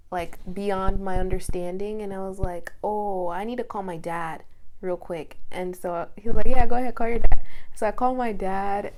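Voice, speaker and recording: A young woman telling a story casually, swinging between whispers and excited laughter. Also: medium pitch. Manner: animated, drops to whispers, bursts of laughter. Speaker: vlogger.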